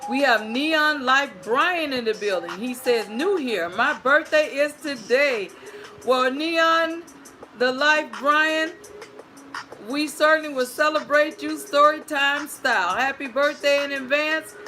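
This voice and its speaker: Woman, livestream host, high voice, slow talker, welcomes viewers by name. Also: soft background music. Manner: greets viewers warmly by screen name, playful and sing-song. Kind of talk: reading live chat aloud.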